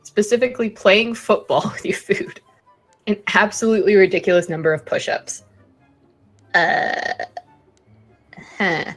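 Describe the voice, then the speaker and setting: A woman's voice: medium pitch, measured pace, pauses often, soft background music. A woman chatting playfully while playing a video game, reading game text and giggling between lines. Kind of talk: casual gaming chat.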